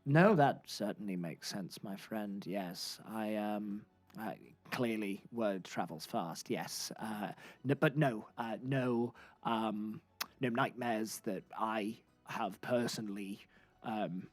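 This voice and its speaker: A man voicing a very old, hunched male grocer who talks gently and politely, with hesitant pauses that fade to near-whispers. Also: on the low side, faint music behind, pitched below the performer's own voice. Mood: sorrowful.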